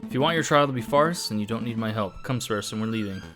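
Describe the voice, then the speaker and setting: A brash bird lawyer , as a man voices him in a courtroom game, sure of himself and emphatic, in a low, steady voice close to the player's own. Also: fast, over music, close to an everyday voice. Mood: stern.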